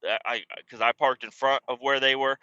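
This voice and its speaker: A man hosting a podcast, telling a story in a profane, exasperated rant and shouting out the lines he re-enacts. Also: medium pitch, fairly even intonation, fairly quick, smooth, no room sound, muffled recording. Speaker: podcast host.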